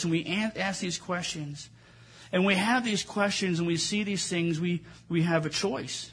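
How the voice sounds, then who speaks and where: A man's voice: high-pitched, normal speed, a bit bright, slightly rough. A man preaching a sermon as pastor, telling stories in a conversational way with frequent restarts.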